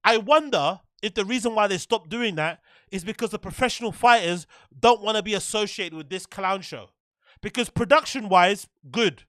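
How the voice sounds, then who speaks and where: High bright-voiced ranting man. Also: normal speed, no echo, clean studio sound. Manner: animated, profane, repeats himself in exasperated bursts. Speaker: show host. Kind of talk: ranting commentary.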